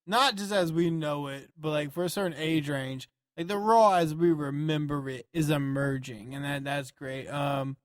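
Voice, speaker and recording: A man co-hosting a podcast, talking in a rambling, profane and animated way. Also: a little high, moderate pace, hardly any pauses, no room sound, clean studio sound. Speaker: podcast co-host. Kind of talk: casual chat.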